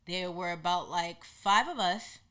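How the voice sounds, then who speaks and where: A woman hosting a podcast, telling a personal story in an animated way and acting out what people said. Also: lowish voice, a little slow, clear, resonant tone. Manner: animated, acts out quotes in lively voices. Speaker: podcast host.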